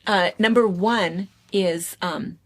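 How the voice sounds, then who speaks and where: A woman's voice: mid-range voice, slow pace, fairly bright tone. A middle-aged American woman hosting a casual chat, rambling along with lots of fillers. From United States. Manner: rambling, chatty, with frequent fillers. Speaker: show host.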